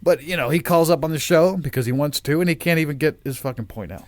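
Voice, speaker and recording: A man's voice: a little high, fast talker, no echo. Male podcast host, Midwestern American accent, rambling and swearing, dry close sound. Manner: rambling, swearing, animated storytelling. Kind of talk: casual chat.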